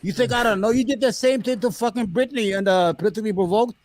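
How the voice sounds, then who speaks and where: A man's voice: high voice, fast, darkish tone, a little hiss or hum. A man hosting a podcast, telling a story in a heated, profane casual rant. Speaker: podcast host. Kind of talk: casual current-events rant.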